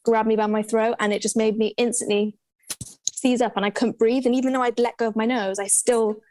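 A young woman in casual conversation, telling a personal story with lively quoted voices. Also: fairly high pitch, fairly quick. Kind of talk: casual chat.

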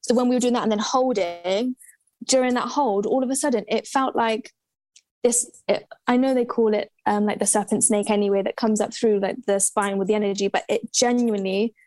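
A young woman in casual conversation, telling a personal story with lively quoted voices. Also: medium pitch, a little fast, no room sound. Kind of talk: casual chat.

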